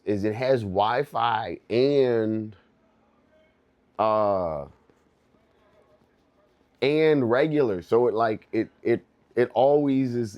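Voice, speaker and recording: A man's voice: medium pitch, a little mellow, dull audio. A young man livestreaming in loose, rambling casual chat, laughing often and calling his viewers dude and bro.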